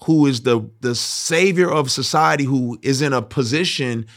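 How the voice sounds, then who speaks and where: A man's voice: mid-range voice, normal speed. A young adult man hosting a casual commentary monologue, telling stories animatedly and acting out the voices of people in them. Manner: animated storytelling, acts out voices of people in anecdotes. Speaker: host.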